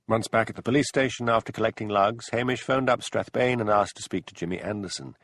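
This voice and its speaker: A man narrating an audiobook in measured storytelling. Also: fairly low pitch, a bit bright, no echo. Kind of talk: scripted narration.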